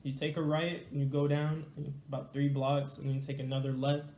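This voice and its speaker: A man's voice: medium pitch, flat delivery, normal speed, a little mellow, echoey room, slight background noise. A young man telling a casual, slangy, rambling story to his viewers. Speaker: storyteller vlogger.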